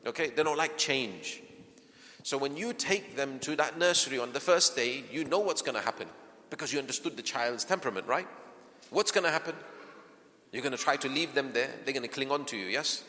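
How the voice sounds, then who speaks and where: Bright-voiced man teaching in a reverberant hall. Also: medium pitch, expressive, a little fast, slight background noise. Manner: asks audience rhetorical questions often; softens into gentle acted lines to a child. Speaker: workshop speaker. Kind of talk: parenting workshop talk. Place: mosque hall.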